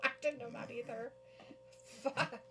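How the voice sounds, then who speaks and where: A woman with a bright, somewhat high voice reacts casually to a live wrestling show, laughing often and reading viewer comments aloud. A faint hum sits under her voice. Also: fairly even intonation, takes it slowly. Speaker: co-host of a wrestling watch-along stream.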